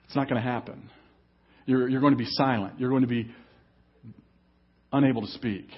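A man's voice: mid-range voice, fairly even intonation, normal speed, husky, lo-fi sound. A man preaching an emphatic sermon as pastor at a church service. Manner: emphatic preaching, reads scripture aloud.

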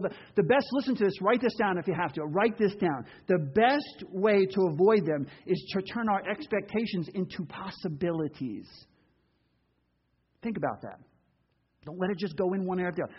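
A man preaching a sermon in an animated way, acting out quoted voices. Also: sits high, husky, lo-fi sound. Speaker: pastor.

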